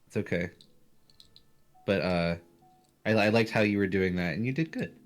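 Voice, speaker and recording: A man's voice: on the low side, normal speed, faint music behind. A man at the game table who talks loosely and animatedly. He laughs easily and curses without a second thought. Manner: animated, swears casually, laughs. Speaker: player. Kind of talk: casual chat.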